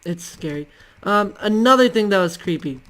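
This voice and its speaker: A man's voice: high-pitched, lively intonation, normal speed, a bit bright. A male channel host telling casual stories to the camera in a rambling, hesitant way, full of ums and restarts.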